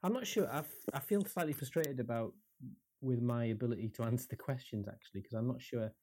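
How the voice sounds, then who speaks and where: Talking fast in a warm, medium-pitched voice, this podcast co-host chats casually over a call. He comes across as thoughtful and second-guesses himself, with several false starts, and there's a little hiss or hum on the line.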